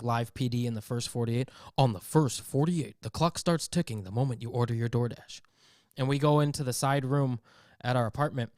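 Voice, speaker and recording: A man hosting a podcast, telling comic stories in an animated rant and acting out other people. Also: medium pitch, smooth, no room sound, clean studio sound. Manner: animated storytelling, acts out voices. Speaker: podcast host. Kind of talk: comedic rant.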